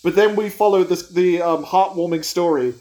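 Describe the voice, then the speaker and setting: A woman's voice: lowish voice, mellow. A woman hosting a casual film review chat, joking and acting out silly scenarios. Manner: jokey, quick to act out silly scenarios. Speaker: podcast host.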